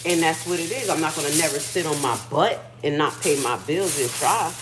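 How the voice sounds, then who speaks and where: Middle-aged woman, livestream host; candid, emotional, swears freely; lower voice, light background noise. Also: fairly quick. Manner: candid, profane, emotional storytelling. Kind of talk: casual chat.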